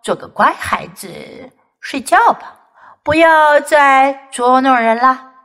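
A woman voicing a calm, patient father in a bilingual storybook read-aloud. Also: high voice, slow. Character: calm, patient father tucking his son in.

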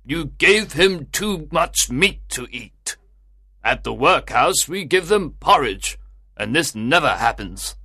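A man voicing a pompous middle-aged parish officer in a storybook reading, loud and lecturing. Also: fairly high pitch, animated, slow, husky, pitched above the performer's own voice, exaggerated voice. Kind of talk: graded reader audiobook acting.

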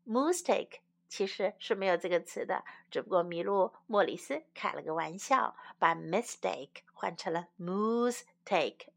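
A woman teaching English to children, reading a picture-book story slowly and clearly. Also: medium pitch. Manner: slow, clear and expressive.

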